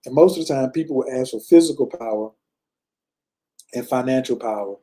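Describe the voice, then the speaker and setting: A man's voice: mid-range voice, a little fast, mellow, rough recording. A man in his fifties telling a personal story in a loose, conversational way, with many fillers. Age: 50s. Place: lives in Bali.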